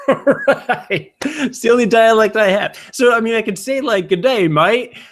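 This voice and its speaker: With a very high voice and a slightly slow pace, a male podcast co-host chats casually. He rambles in a self-mocking way, using plenty of fillers.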